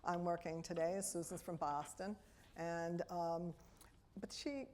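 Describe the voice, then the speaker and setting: A middle-aged woman from Brooklyn with a New York accent, a speech and language pathologist giving a lively, wry talk to a room of parents. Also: lowish voice, slow pace. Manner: animated, wry, talks straight to the audience. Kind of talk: lively public lecture to an audience. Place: auditorium before a live audience.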